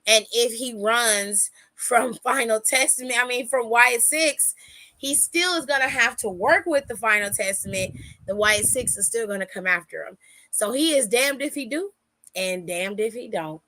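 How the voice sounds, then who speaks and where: A woman hosting a podcast, recapping a wrestling show in a casual, animated way and acting out what people said. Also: fairly high pitch, moderate pace, dry recording. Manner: animated storytelling, acts out quotes, laughs often. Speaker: podcast host.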